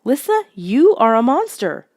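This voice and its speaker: A woman voices a frightened young child, pitching above her natural voice to a fairly high register with lively intonation at normal speed. The child stammers and pleads loudly in an accusing mood, captured in a dry, studio-quality recording.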